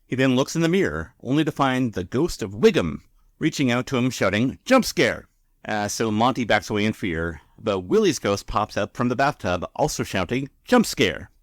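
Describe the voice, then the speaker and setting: A man's voice: mid-range voice, expressive, brisk, no room sound, clean studio sound. A man co-hosting a podcast, casually recapping an episode in a rambling, filler-heavy way. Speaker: podcast co-host.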